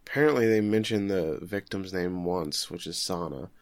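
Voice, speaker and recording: A man in his thirties co-hosting a casual podcast, retelling a story with animated quick acted-out quotes. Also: low-pitched, dry recording. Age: 30s. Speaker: podcast co-host.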